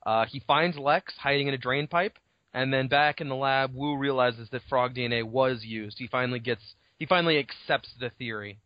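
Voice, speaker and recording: On a podcast, a co-host with a medium-pitched voice recaps a novel chapter at a moderate pace, swearing a lot. His casual summary rambles, and he acts out the characters' lines. The dull, dry, lo-fi home recording has no echo.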